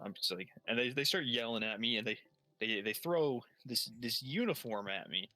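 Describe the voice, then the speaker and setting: A man's voice: medium pitch, lively intonation, moderate pace, bright, forceful tone. A young man telling a long story while playing a game, rambling, swearing heavily and restarting his sentences. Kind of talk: casual profane storytelling while gaming.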